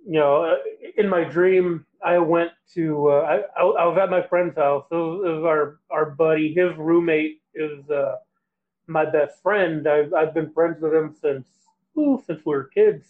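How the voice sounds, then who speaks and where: High-voiced man rambling through a story. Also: steady tone. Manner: rambling, halting, acts out quoted voices. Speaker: guest. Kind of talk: casual storytelling chat. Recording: tinny phone-like line.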